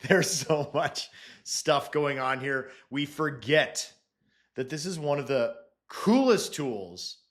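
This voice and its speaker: Male presenter, mid pitch, upbeat and playful, big swings from loud lines to quiet asides. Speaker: presenter teaching AI prompting. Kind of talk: upbeat joking talk to an audience.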